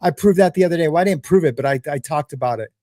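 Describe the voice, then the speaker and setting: A man's voice: on the high side, very fast, warm tone, no room sound, clean studio sound. A man commenting bluntly and mockingly over news clips in casual talk. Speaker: streamer reacting to a news clip.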